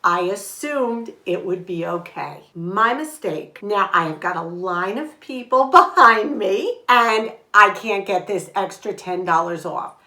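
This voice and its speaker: Older female vlog host, chatty storyteller, mid pitch, roomy home recording. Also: measured pace, hardly any pauses. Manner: chatty and animated, retelling with quoted dialogue. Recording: echoey room.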